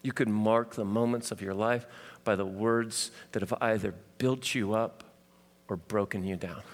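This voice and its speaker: A man's voice: lowish voice, steady tone, a little slow. Storytelling pastor, man, echoing hall. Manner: storytelling, swings from loud to hushed. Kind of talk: sermon. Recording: hall reverb.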